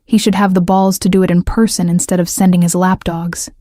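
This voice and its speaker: A woman's voice: fairly low pitch, level tone, a little fast, warm tone, no room sound, studio quality, natural voice. A woman reading the lines of a cold, controlled male mafia boss.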